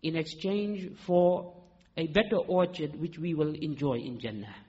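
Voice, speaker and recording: A man preaching, quoting a devout husband who calls out loudly to his wife. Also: fairly high pitch, unhurried, natural voice. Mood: proclaiming. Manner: raised, calling out. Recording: dull echoey hall recording.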